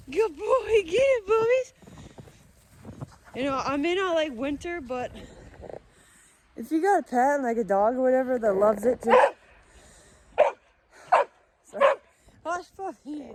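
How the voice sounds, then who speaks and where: A young woman vlogs outdoors in the snow, playfully chatting as she coaxes her dog and sounding a little out of breath. Her voice sits high, and there's heavy background noise.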